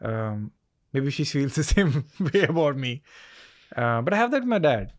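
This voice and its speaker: A comedian in a casual interview, animated and acting out both sides of his conversations. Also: mid-range voice, normal speed. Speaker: comedian guest.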